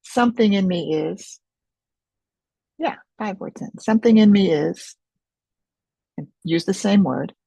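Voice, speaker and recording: A woman, leading a self-help webinar in a slow, gentle, reflective way over a video call. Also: mid-range voice, vocal fry, husky, dry recording, low-quality recording. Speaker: webinar teacher.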